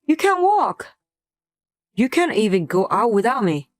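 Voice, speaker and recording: A woman's voice: medium pitch, expressive, a little slow, no echo, close to an everyday voice. A woman voicing a resentful adult husband who talks in a curt, contemptuous way in a scripted drama.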